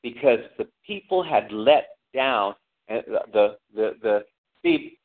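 A man preaching a sermon with lively delivery, asking the congregation questions and acting out angry cries. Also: lowish voice, takes it slowly. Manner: animated preaching, calls out to the congregation, acts out angry shouts. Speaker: pastor. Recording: tinny phone-like lo-fi sound.

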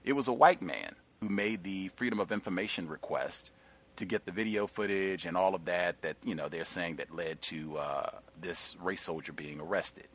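Emphatic low-voiced male radio host. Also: fairly bright tone. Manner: emphatic, slows down to stress words. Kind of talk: radio talk commentary.

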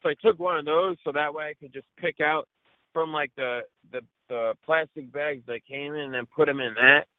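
A man's voice: fairly high pitch, steady tone, normal speed, no echo. A young man telling a story in casual chat, profane and rambling, with lots of filler words. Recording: tinny phone-like line, dry.

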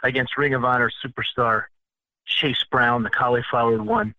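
A man's voice: medium pitch, level tone, moderate pace, dry recording, muffled recording. A man from the Northeastern United States hosting a casual chat, telling stories in a boastful, mock-arrogant way. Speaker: podcast host.

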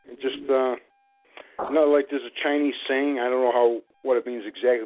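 A man talks on a narrow, tinny phone line at an ordinary pitch. He rambles through long rants, circling back with fillers as he goes. It sounds like a casual call-in chat. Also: steady tone, brisk, slight background noise. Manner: rambling, ranting, lots of fillers.

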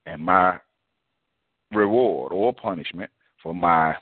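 A man preaching a folksy storytelling sermon, addressed as apostle, animated and full of vivid asides. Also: deep voice, slow, no room sound. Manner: animated, folksy, quotes others in lively voices. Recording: tinny phone-like dry sound.

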